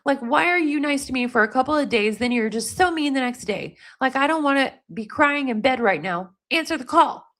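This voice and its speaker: A woman's voice: sits high, animated, fairly bright tone. Woman reading out an upset young girlfriend's texts. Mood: exasperated. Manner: reading angry texts aloud, rapid and exasperated. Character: upset young woman texting her boyfriend.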